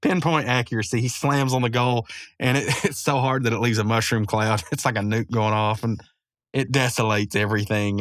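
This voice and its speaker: A man's voice: lowish voice, no room sound, studio quality. Rambling, chuckling man recapping. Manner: rambling, chuckling, many fillers. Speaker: podcast host. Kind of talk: casual episode recap.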